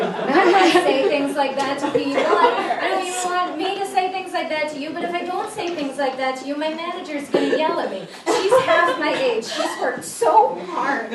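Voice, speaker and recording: High-voiced woman doing dry stand-up. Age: 30s. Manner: dry, self-deprecating delivery. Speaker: stand-up comedian. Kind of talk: stand-up comedy set. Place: comedy club stage with audience laughter. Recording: echoey room, distant mic, loud ambience. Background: audience laughter.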